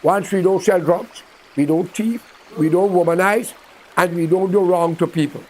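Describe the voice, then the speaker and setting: This Guyanese man speaks at normal speed in a high, steady, darkish-toned voice, with a little hiss or hum in the background. As a political commentator ranting to camera, he scolds a leader directly and combatively in creole-flavored speech.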